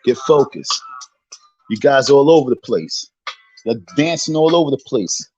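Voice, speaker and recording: A husky-voiced man, a little tipsy, boasts and taunts his rivals in loose street slang. He rants off the cuff on a livestream. The audio is dull and lo-fi. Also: medium pitch, expressive, unhurried, a little mellow, soft background music. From Southside Jamaica, Queens, New York. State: tipsy from drinking. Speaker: livestream host. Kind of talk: unscripted livestream rant.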